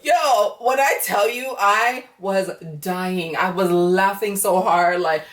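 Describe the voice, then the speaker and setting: A woman's voice: mid-range voice, slow pace, a bit bright, recorded from a distance. A woman giving a chatty, profane, laughter-filled casual recap of a reality show. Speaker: YouTube reality-show reviewer. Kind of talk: casual reaction commentary.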